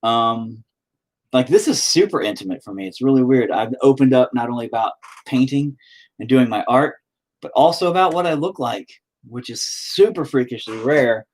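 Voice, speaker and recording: A man's voice: medium pitch, lively intonation, normal speed, rough recording. A man chatting casually on a live stream while he paints, rambling, swearing often and joking at his own expense.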